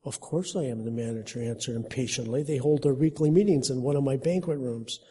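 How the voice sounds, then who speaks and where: Husky, dark-voiced male preacher. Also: mid-range voice, fairly quick. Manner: earnest, conversational, reads the story with lightly voiced characters. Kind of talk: sermon with a read-aloud story.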